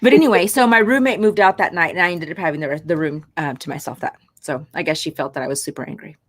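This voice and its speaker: A woman co-hosting a casual chat, telling a story in an animated way and acting out the people in it. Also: fast. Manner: animated, swings pitch when quoting people. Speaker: podcast co-host.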